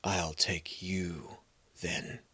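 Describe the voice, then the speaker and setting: A man voicing an old, mistreated male horse who speaks slowly in a hushed, whispering voice. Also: lowish voice, steady tone, slightly rough, no echo, exaggerated voice. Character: old abused male horse, wild, grieving.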